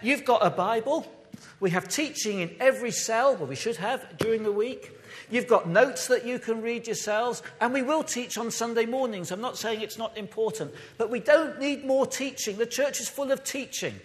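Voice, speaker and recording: A man's voice: extremely high pitch, normal speed, big-room sound. A man from the United Kingdom giving an impassioned sermon as a pastor, recorded in a church. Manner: impassioned, emphatic preaching.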